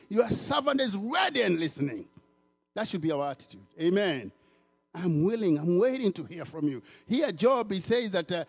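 A man from Africa preaching a sermon in an animated way, repeating words and acting out the voices of people he quotes. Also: high-pitched.

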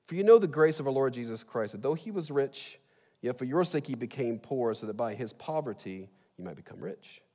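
A middle-aged man, a pastor, preaching a sermon in a lively, conversational way with asides. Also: medium pitch, fairly quick. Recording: long reverb in a large hall.

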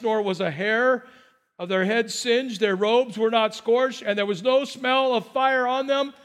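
A pastor whose voice is strikingly high for a man, with a fairly bright tone, preaches in a loose, conversational style. He drops in joking asides and trips over repeated words along the way.

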